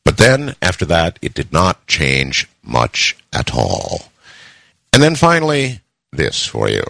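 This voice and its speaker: Deep-voiced, animated male storyteller. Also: slow pace, gravelly, dry recording. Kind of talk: humorous story reading and news chat.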